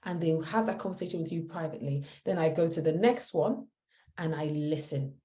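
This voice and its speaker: A woman talks through parenting advice in a calm, instructive way. Her voice is low and mellow, and it carries a roomy echo. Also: brisk. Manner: calm, instructive, acts out what a parent says. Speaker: parenting speaker. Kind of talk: advice talk.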